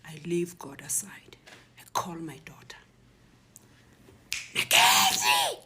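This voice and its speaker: Middle-aged South African woman, low-pitched, soft near-whispered testimony, emotional personal telling. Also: fairly even intonation, measured pace. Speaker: guest telling her story.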